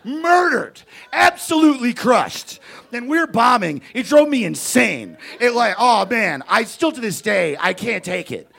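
A young man doing stand-up, telling a story with lots of energy, shouting out other people's lines and laughing as he goes. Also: extremely high pitch, a little slow, vocal fry. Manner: animated, shouts kid voices, laughs at own story. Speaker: stand-up comedian.

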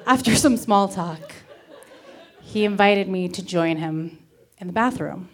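Woman in her thirties from Miami, live storytelling; wry, candid, deadpan delivery. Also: mid-range voice, measured pace. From Miami, Florida. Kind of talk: personal story told to a live audience.

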